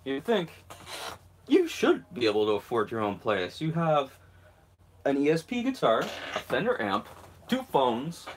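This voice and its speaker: A man's voice: medium pitch, wildly swooping pitch, unhurried, pauses often. Young man, casual live-stream host, self-mocking, rambling, guitar pick in mouth, phone mic, faint hiss. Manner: talking around a guitar pick in his mouth. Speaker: channel host.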